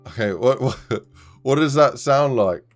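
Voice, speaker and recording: A man streaming his game development live, chatting casually and getting excited, laughing often and swearing now and then. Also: medium pitch, unhurried, faint music behind.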